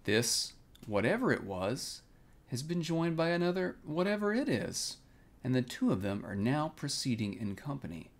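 A man voicing a gentle, slow-witted male teddy bear who muses earnestly. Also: medium pitch, sing-song. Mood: ponderous. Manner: earnest, ponderous musing.

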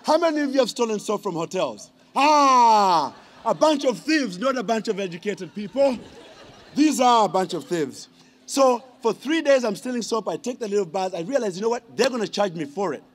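A man's voice: sits high, lively intonation, brisk. A man, giving a humorous ceremonial speech and teasing the audience with questions. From Uganda. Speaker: honorary degree recipient giving a speech.

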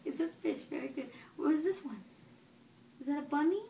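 A woman's voice: high-pitched, fairly quick, gravelly, warm tone. A young woman reading a picture book aloud to her toddler at home, asking patient, encouraging questions. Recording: echoey room with faint background noise.

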